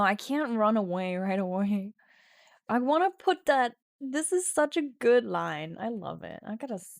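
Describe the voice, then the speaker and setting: A woman's voice: medium pitch, vocal fry, darkish tone, no echo, clean studio sound. A woman streaming an AI text adventure, chatting casually while she types, laughing at herself and reading story lines aloud. English is not her first language. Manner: self-mocking, laughs often, reads story text aloud. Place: home streaming setup.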